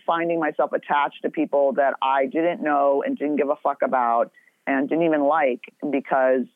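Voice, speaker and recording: A woman's voice: low-pitched, dry recording. A middle-aged woman in casual podcast chat, talking bluntly with lots of swearing and rambling asides. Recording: tinny phone-like sound.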